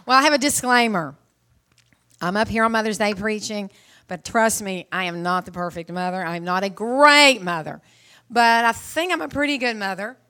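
A woman's voice: medium pitch, normal speed, bright, forceful tone. Middle-aged woman preaching a chatty sermon. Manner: casual and chatty, with frequent restarts; clears her throat often. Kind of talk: Mother's Day sermon retelling a Bible story.

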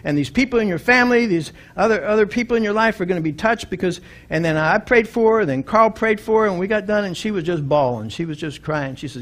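High-voiced pastor preaching with rising fervor. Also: male voice, a little fast, few pauses. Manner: storytelling, building to loud emphatic preaching. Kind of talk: sermon.

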